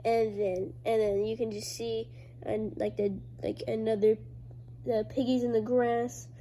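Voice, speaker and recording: A woman with a fairly high voice talks through her own comic pages in a loose, rambling way. She speaks slowly and trails off between fillers. Every so often she jumps into a loud, high-pitched voice for the characters. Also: level tone, slight background noise. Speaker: creator reading own comics. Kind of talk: casual chat.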